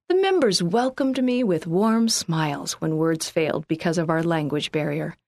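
A woman from Canada reading a first-person church magazine article aloud in a calm, earnest, scripted narration. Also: lowish voice, no echo, clean studio sound.

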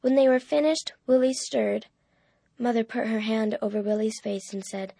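A woman narrating a storybook in a clear, measured reading voice. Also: fairly high pitch, fairly even intonation, mellow, dry recording, studio quality.

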